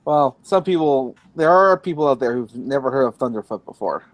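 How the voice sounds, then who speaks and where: A man's voice: medium pitch, lively intonation, a little fast, no echo. A man joining a livestream chat, speaking hesitantly with repeated restarts.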